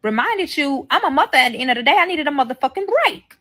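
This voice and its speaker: A young woman recounts a personal story in casual, profane story-time fashion. Her voice sits fairly high, and she keeps acting out the lines of the other people in it. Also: big pitch swings, quick pace, fairly bright tone. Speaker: storyteller in a played clip.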